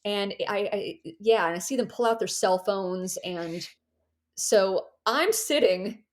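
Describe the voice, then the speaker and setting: A young adult woman tells a story on a podcast with lively, self-mocking energy. She jumps into the voices of the people in her tale, and her pitch sits in a middle range. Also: slow pace. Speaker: guest, author and ex-Jehovah's Witness activist. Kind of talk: casual storytelling in a podcast interview.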